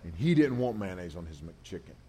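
Lively man preaching to teens. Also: sits low, fairly quick, slightly rough. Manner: animated storytelling, acts out voices. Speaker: camp speaker. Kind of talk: youth sermon.

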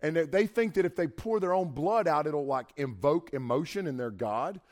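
A man preaching a sermon in a lively, colloquial way, retelling a scripture story and asking his listeners questions. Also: fairly high pitch, moderate pace. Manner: animated, colloquial, speaks to listeners directly.

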